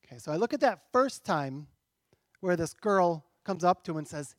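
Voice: mid-range voice, lively intonation, normal speed, dry recording, clean studio sound. A pastor preaching a sermon in a church, talking conversationally and asking rhetorical questions.

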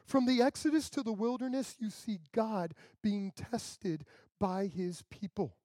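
A man's voice: sits high, measured pace, darkish tone, dry recording. A male pastor preaching a sermon in a conversational way, acting out the people he quotes.

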